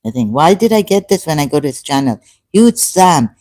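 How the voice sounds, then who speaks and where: A woman YouTuber giving live-stream commentary on her chat. She speaks haltingly with many fillers and an indignant edge. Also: sits low, big pitch swings, darkish tone.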